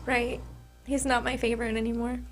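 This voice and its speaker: A woman chatting casually on a podcast, talkative and quick to laugh. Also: on the high side, flat delivery, soft background music. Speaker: regular co-host.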